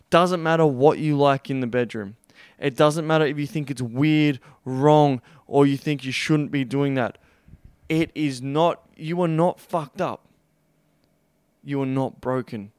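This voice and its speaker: A man hosts his own podcast as a sex coach, speaking in an emphatic motivational monologue. His voice is smooth and resonant, recorded close and dry, and he repeats his points, swears freely and stretches out the stressed words. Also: medium pitch, darkish tone, dry recording.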